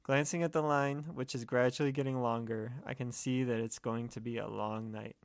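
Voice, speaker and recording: A man narrating a scripted first-person horror story in a steady, measured way. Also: mid-range voice, gravelly, no room sound.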